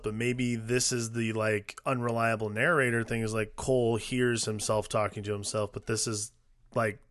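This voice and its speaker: A man's voice: mid-range voice, a bit bright. Hedging man musing about a movie. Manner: hedging, many "like" and "I mean". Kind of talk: casual film discussion.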